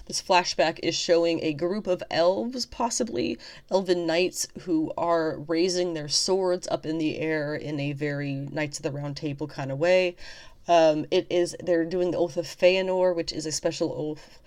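Chatty low-voiced woman rambling about a trailer. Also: measured pace. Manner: chatty, lots of fillers and self-corrections; excited and enthusiastic. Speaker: fantasy fan video host. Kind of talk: casual commentary on a show trailer.

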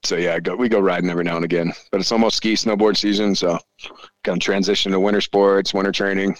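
Man, 40s, podcast guest; foul-mouthed, lively storyteller, slightly low pitch. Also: quick pace, no echo. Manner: profane, animated storyteller. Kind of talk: casual chat, storytelling.

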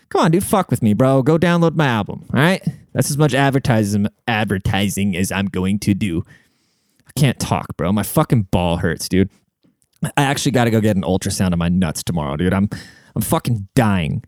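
A man's voice: mid-range voice, animated, moderate pace, a little mellow, no echo, clean studio sound. A man hosting a podcast in casual, rambling chat full of swearing and filler words, giving relationship advice. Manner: profane, rambling bro-talk with filler words. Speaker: podcast host and rapper.

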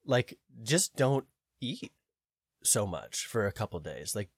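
A man co-hosting a podcast in casual chat, ranting and swearing freely, animated. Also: on the low side, takes it slowly, slightly rough, no room sound, studio quality. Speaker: podcast co-host.

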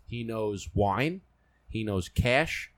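A man, host of a podcast, telling travel stories in a casual, animated way and quoting people as he goes. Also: on the low side, extremely slow. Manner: animated, quotes people in little voices. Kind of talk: casual storytelling chat.

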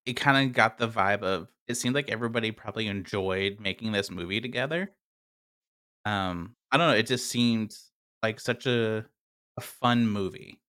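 A man's voice: fairly low pitch, moderate pace, bright, forceful tone. A man co-hosting a casual film-review chat, hesitant and full of fillers. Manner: hesitant, many fillers and "I don't know". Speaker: podcast co-host.

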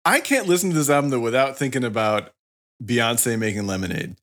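A man's voice: medium pitch, lively intonation, fairly quick, fairly bright tone. A man co-hosting a podcast, talking eagerly about songs and lyrics in casual chat. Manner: enthusiastic, analytical about music. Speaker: podcast co-host.

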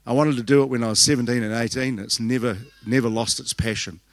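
A man's voice: mid-range voice, steady tone, fast talker, no room sound. An older man with a New Zealand accent, preaching a conference sermon and telling stories with frequent restarts and laughter. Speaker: pastor.

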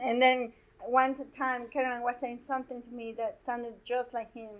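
A woman's voice: fairly high pitch, fairly even intonation, normal speed, low-quality recording. A woman whose first language is Spanish, casually telling stories and laughing often as she retells conversations. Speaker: guest speaker. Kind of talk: casual storytelling.

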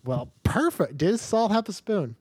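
A woman's voice: mid-range voice, sing-song, a little slow, a little mellow, slightly rough, no room sound. A woman narrating a tabletop game as game master, rambling with fillers.

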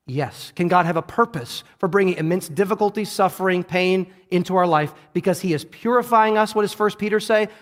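A man's voice: high-pitched, fairly quick, hardly any pauses, big-room sound. A man preaching a sermon, earnest and often repeating or correcting himself as he goes. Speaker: pastor.

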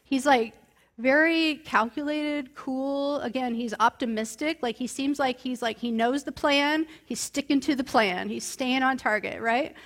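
Casual woman preaching on scripture. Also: a little high. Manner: conversational, many fillers, reads verses aloud. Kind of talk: casual sermon on a Bible passage.

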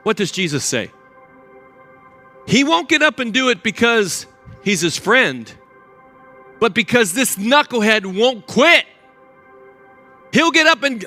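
Animated older man preaching. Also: very high-pitched, slow, pauses often, soft background music. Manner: animated storyteller, acts out voices. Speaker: pastor. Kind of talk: sermon.

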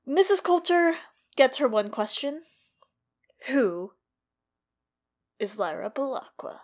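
A woman co-hosting a podcast, talking casually and thoughtfully about a TV episode with quick asides. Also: high voice, big pitch swings. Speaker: podcast co-host. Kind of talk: casual chat recapping a TV episode.

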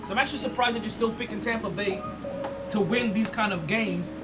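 A man's voice: high-pitched, a little fast, music in the background. A man co-hosting a sports podcast, easygoing, leading the game picks in casual chat. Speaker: podcast co-host running the picks. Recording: distant from the mic.

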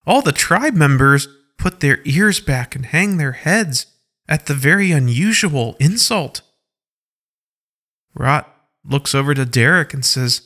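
Slow, bright-voiced male story narrator. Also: on the high side, lively intonation.

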